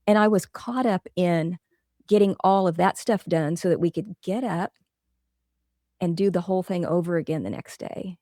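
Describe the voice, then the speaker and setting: A woman's voice: lowish voice, moderate pace, mellow, no room sound, clean studio sound. A middle-aged woman, a guest author, talking earnestly and reflectively in a casual interview, working through everyday examples.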